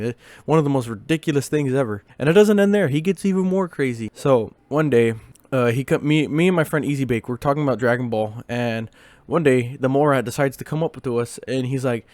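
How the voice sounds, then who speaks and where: A man's voice: mid-range voice, a little fast, darkish tone, no echo. A man casually tells a long story from his school days, rambling with many fillers and restarts.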